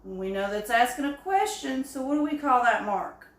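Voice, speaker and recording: A woman teaching an early-grade phonics lesson, speaking slowly and encouragingly. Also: fairly high pitch, animated. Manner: slow, encouraging, with drawn-out examples. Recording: echoey room.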